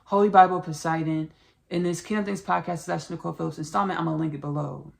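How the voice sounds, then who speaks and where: A woman's voice: low-pitched, fairly even intonation, quick pace, creaky. A woman podcast host with a Southern US country accent, giving a rambling, repetitive spiritual monologue full of restarts and familiar asides. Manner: rambling and repetitive, with frequent restarts, calling listeners "y'all" and "baby".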